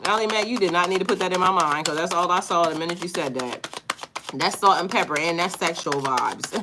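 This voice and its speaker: A woman with a somewhat low voice hosts a casual live-stream tarot reading. She talks in a loose, chatty way, laughs often and reads out viewer comments. Clear background noise and clicks run under her voice. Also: a little fast. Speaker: tarot reader.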